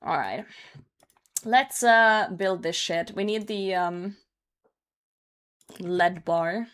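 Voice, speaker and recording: A woman's voice: lowish voice, drawn-out words, fairly bright tone, clear, resonant tone. A young woman streamer chatting casually with her chat while gaming, laughing often and swearing now and then. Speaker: live streamer.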